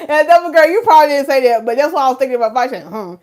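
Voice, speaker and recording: A woman's voice: high voice, a little mellow. A woman, casually chatting on a livestream, reading viewer comments and laughing often. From North Carolina, USA. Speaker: hair stylist and livestream host.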